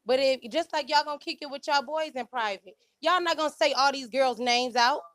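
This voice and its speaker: High-voiced woman from Detroit, casual and emphatic. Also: brisk, fairly bright tone, no room sound, clean studio sound. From Detroit, USA. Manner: casual and emphatic, keeps saying "you know what I'm saying". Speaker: panelist. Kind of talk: casual panel debate.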